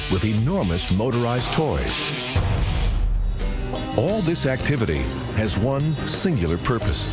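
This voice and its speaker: A man reading scripted documentary narration in a measured, explanatory way. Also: fairly low pitch.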